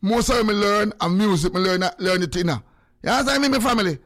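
A Jamaican man chatting casually in patois to viewers on a phone live stream, swinging between a high voice and a low one. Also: fairly quick, fairly bright tone.

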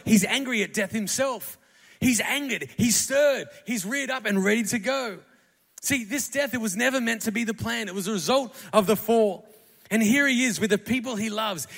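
Impassioned male preacher in a reverberant hall. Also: high voice. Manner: impassioned, builds to shouting crescendos. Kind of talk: sermon. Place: church hall.

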